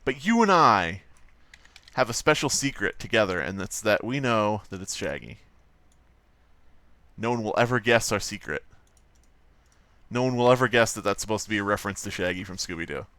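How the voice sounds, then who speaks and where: A man's voice: fairly low pitch, expressive, normal speed, pauses often, bright, forceful tone, no room sound. Rambling, joking man streaming live. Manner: rambling, joking, swears freely. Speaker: livestream host. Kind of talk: casual livestream chatter while drawing.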